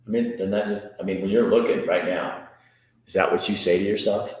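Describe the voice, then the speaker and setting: A man's voice: deep voice, steady tone, fairly quick, darkish tone. A man hosting a casual live chat show, reading viewer comments aloud and answering them in a joking, rambling, self-mocking way. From Montana. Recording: very echoey room.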